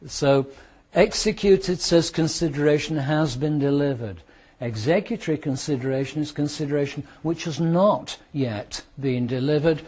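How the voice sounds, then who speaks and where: A British man lectures a classroom of students on law. His voice is husky and sits slightly high. He works through examples and repeats points, varying his pace for emphasis. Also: darkish tone. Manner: explains with worked examples, repeats points, speeds up and slows down for emphasis.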